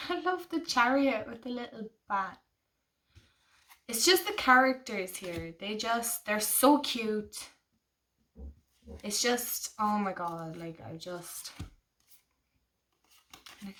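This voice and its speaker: A woman chatting casually on her vlog, gushing and excitable, full of fillers and restarts. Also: medium pitch, distant mic, a little hiss or hum. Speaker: tarot vlogger. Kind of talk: casual chat.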